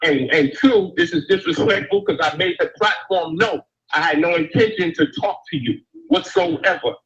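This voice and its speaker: Fairly high-voiced man, defensive and blunt, pushing back on a caller. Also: moderate pace, a bit bright, highs cut off. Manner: defensive, calls others brother, dismissive. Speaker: business owner answering callers. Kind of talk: heated call-in argument.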